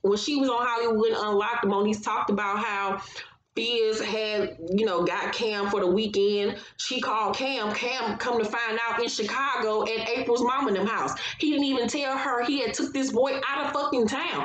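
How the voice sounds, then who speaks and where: A woman's voice: fairly high pitch, fairly even intonation, moderate pace, a bit bright, reverberant, a little hiss or hum, poor audio. A woman recapping a reality show in casual commentary, blunt and profane, getting heated as she gives her opinions.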